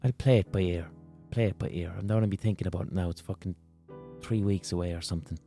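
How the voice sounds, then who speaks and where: Irish male podcaster, 30s, deep mellow tone, sweary and animated. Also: fast, soft background music. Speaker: podcast host. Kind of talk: casual monologue.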